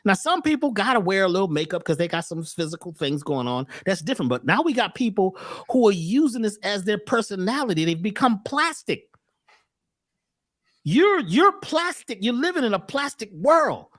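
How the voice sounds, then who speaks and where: Brief: preachy motivational man, punning and cursing, lively swinging delivery, dry close sound. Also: sits high, fairly quick, hardly any pauses, no room sound. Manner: animated, preachy, punning and profane. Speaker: speaker and workshop teacher. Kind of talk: motivational lecture on a call.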